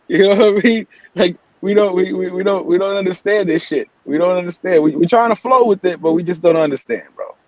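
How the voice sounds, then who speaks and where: A man with a high voice hosts a casual live-stream morning show. He rants heatedly and swears freely. The sound is dry and a bit dull, with the highs rolled off. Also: normal speed, no room sound. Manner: profane, heated ranting. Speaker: host.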